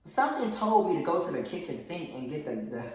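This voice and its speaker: A woman vlogger telling a rambling, animated personal story in a casual way. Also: low-pitched, normal speed. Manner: rambling, animated storyteller who acts out quotes. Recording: very echoey room, faint hiss.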